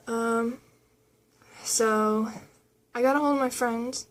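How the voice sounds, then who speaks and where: A woman's voice: fairly high pitch, flat delivery, brisk, creaky. Young woman telling a rambling story. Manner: rambling, filler-heavy retelling with quoted dialogue. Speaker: vlogger. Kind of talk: casual storytime chat.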